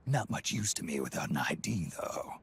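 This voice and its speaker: A gruff, very deep old soldier. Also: male voice, sing-song, moderate pace, heavily acted. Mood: curt. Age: older. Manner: terse, low, often half-whispered. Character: weathered old male soldier, terse and gruff. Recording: echoey, loud game music behind.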